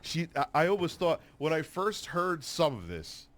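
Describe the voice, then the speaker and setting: A man's voice: a little high, very animated, moderate pace, a bit bright. A man streaming a profane reaction, mocking and sarcastic, swearing freely. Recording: noisy stream capture.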